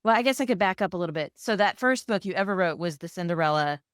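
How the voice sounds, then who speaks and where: A woman's voice: fairly low pitch, expressive, fast, dry recording. Encouraging woman podcast host, dry sound. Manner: encouraging, asks questions, frequent backchannel. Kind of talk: casual interview chat.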